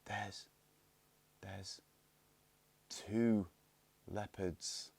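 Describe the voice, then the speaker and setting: A man's voice: mid-range voice, very animated, moderate pace, no echo, voice pushed up. A man voicing an eager young boy in a children's storybook reading. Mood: whispering. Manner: eager, hushed when scared. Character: bold excited young boy dressed as Indian chief.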